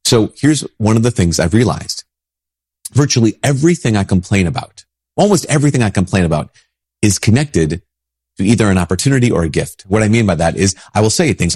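Brief: husky low-voiced man, priest with a head cold, rambling conversational talk, dry close sound. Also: animated, a little fast, a little mellow, dry recording. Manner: casual, rambling, frequent restarts. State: sick with a stuffy nose. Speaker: Catholic priest.

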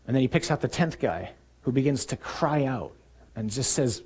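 A man preaching a sermon, telling the story with energy and acting out shouted lines in the scenes. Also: mid-range voice, lively intonation, normal speed, breathy edge.

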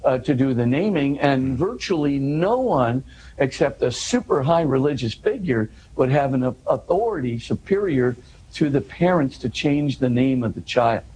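A man's voice: medium pitch, animated, normal speed, a little mellow, slight background noise, low-quality recording. A man in an interview, earnestly explaining a scripture passage, often restarting and pushing his voice up for emphasis.

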